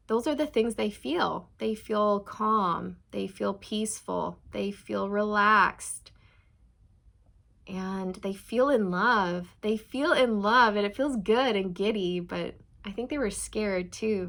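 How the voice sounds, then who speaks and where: A young adult woman giving a slow, soothing channeled tarot reading, speaking straight to her viewers. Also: mid-range voice, vocal fry, fairly bright tone. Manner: slow, soothing, spiritual, addresses viewers as you guys. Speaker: tarot reader.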